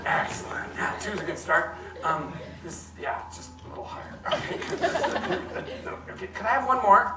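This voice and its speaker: A man's voice: high-pitched, lively intonation, brisk. A man doing a playful live comedy science show, talking to the audience with joking asides. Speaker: stage performer. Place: large hall before a live audience. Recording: echoey hall, mic from far off, crowd and noise.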